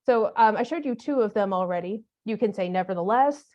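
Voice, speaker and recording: Here a woman with a medium-pitched, animated voice talks briskly, though the high frequencies are cut off. It's a conference workshop talk for teachers, delivered with humor and a conversational feel, full of practical classroom examples.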